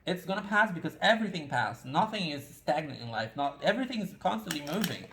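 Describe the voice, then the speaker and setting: A man's voice: fairly high pitch, a bit bright, roomy sound, low-quality recording. A man giving a casual pick-a-card tarot reading, talking in a rambling, confessional and self-deprecating way.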